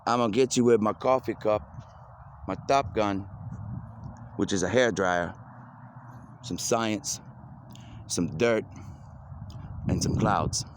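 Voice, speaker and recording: A man rambling excitedly in an outdoor monologue, repeating himself as he goes. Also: fairly low pitch, takes it slowly, pauses often. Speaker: video blogger. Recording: noisy outdoor recording.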